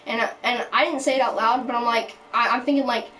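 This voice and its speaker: A woman's voice: on the high side, fairly even intonation, brisk, fairly bright tone, slight background noise. A woman telling a casual storytime rant, rambling with many restarts and fillers, sounding indignant. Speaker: storytime vlogger. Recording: voice from a distance with clear background music.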